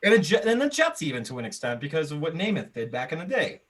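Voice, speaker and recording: Animated, argumentative American man. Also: on the high side. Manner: animated, argumentative, fast rambling with restarts. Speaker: podcast co-host. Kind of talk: casual sports debate.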